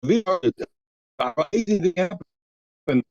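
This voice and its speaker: A man teaching a daf yomi Talmud class, acting out both sides of the argument with halting restarts. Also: high-pitched, animated, a little mellow, no echo, dull audio.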